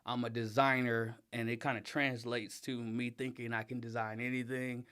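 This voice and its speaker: A middle-aged man talking casually as an interview guest, emphatic and animated, laughing often and getting loud when riled up. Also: medium pitch, normal speed, smooth. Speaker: interview guest, father and design director.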